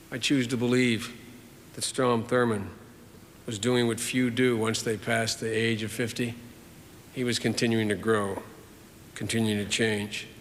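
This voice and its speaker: A man in his sixties giving a formal eulogy in a measured, earnest way with repeated phrases, in a large hall at a funeral. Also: medium pitch, fairly bright tone, a little hiss or hum. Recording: reverberant hall.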